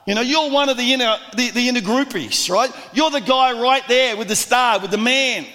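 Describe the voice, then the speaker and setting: A man preaching a sermon, lively and acting out the voices of the crowd. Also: very high voice, normal speed. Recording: long reverb of a large hall.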